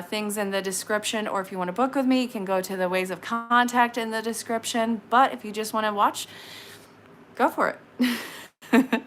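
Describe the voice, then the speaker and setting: A woman in her late thirties giving casual tarot readings on a live stream, chatty and frank with quick asides. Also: medium pitch, fairly bright tone, slight background noise. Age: 30s.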